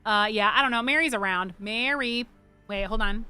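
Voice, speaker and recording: A woman's voice: a little high, normal speed, sharp tone, smooth, faint music behind. A young adult woman livestreaming a game, chatting casually in a rambling, joking way and swearing freely. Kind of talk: casual chat while gaming.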